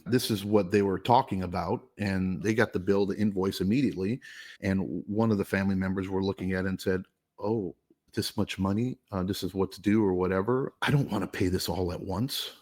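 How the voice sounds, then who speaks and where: Middle-aged male podcast host, deep voice, animated storyteller who swears casually. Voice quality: animated storyteller, curses freely.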